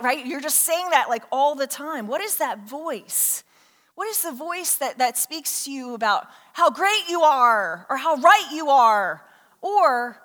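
A woman pastor gives a sermon in a chatty, unpolished way, full of "um"s and restarts. Her voice is bright and slightly high. It echoes with the long reverb of a large church hall. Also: animated, normal speed. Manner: conversational, with many fillers and restarts.

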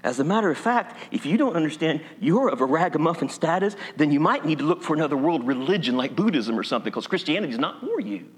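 A man's voice: a little high, expressive, quick pace, few pauses. A male pastor from Appalachia preaching a sermon in a church, folksy and humorous. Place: church sanctuary. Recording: long hall reverb.

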